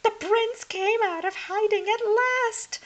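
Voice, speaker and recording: A woman's voice: slow pace, heavy background noise. A woman voicing a silly, squealing stepsister witch in a storybook reading. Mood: thrilled. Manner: squealing, high cries.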